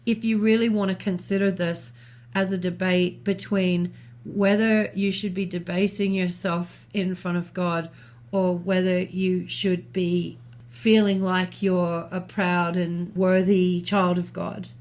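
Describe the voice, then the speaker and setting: A woman co-hosting a talk show, reasoning aloud in a thoughtful, measured way with small restarts. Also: lowish voice, flat delivery, darkish tone. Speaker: podcast co-host. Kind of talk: reflective conversational commentary.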